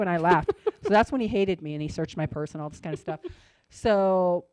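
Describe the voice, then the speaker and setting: A woman co-hosting a radio talk show, telling a story in a casual, animated way with lots of "like" and "you know", and acting out the other people's voices. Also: brisk, no echo. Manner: animated, acts out quoted voices with big pitch jumps.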